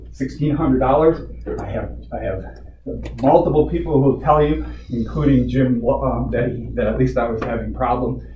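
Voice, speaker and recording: A man's voice: mid-range voice, steady tone, normal speed. A man telling a board his complaint at a community meeting, indignant and full of rhetorical questions. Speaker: resident addressing a community board. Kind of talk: public comment at a meeting. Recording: echoey room, distant mic, dull sound, faint hiss.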